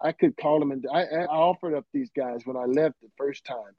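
A man, a guest musician, telling stories in a casual interview, animated and dropping "man" and "you know" as he goes, heard through earbuds on a remote call. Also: on the high side, a little fast, dry recording, dull audio.

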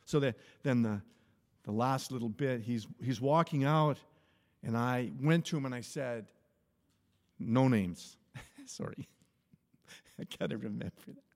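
A man's voice: medium pitch, gravelly, a little mellow. A man preaching an informal sermon, telling stories in a conversational way, often restarting his phrases and chuckling. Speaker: pastor. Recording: long hall reverb.

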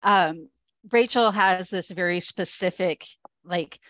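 A woman speaks in a slightly low register, chatting casually on a podcast. She fills her talk with likes and ums and gets animated when she acts out what people said. The sound is dry and a little muffled. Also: slow pace, dry recording. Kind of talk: casual chat.

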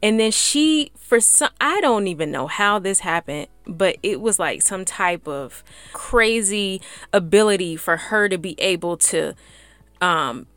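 Excited chatty woman podcast host. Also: medium pitch, unhurried, dry recording. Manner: excited, chatty, lots of "like" and "y'all". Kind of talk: casual faith podcast chat.

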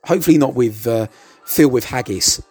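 A man's voice: medium pitch, a little fast, a little mellow, slightly rough, no room sound. A man giving casual, hesitant commentary over an old TV show, stammering and adding chuckling asides.

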